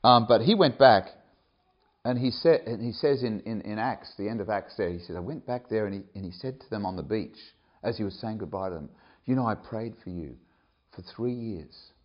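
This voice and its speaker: A man preaching a sermon, telling a story with animated enthusiasm and bursts of laughter. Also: fairly low pitch, normal speed, lo-fi sound. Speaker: preacher, camp director.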